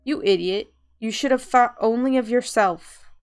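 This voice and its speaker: A woman voicing an angry young man who scolds loudly in a game reading. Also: a little high, moderate pace, faint music behind, natural voice. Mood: angry scolding. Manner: shouting, reproachful.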